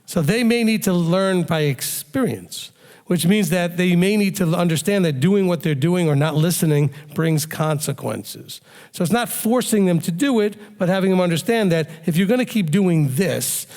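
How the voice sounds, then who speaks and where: A man teaching a sermon-style question and answer session, calm and explanatory, sometimes acting out what a parent would say. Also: high-pitched, normal speed, in a large hall. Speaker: rabbi teaching a Q&A.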